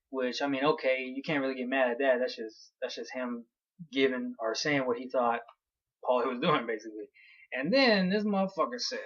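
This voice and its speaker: A man's voice: mid-range voice, fairly quick, dull audio. A young man ranting heatedly through a fight recap, blunt and profane. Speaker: vlogger.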